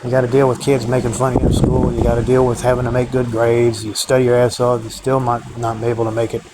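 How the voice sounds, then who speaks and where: A man rambles bitterly to his viewers, swearing often and repeating himself. His voice sits at an ordinary middle pitch. A clear hum of background noise runs under him. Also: monotone, fast talker. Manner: profane, bitter ranting, repetitive. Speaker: vlogger. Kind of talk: rambling solo monologue.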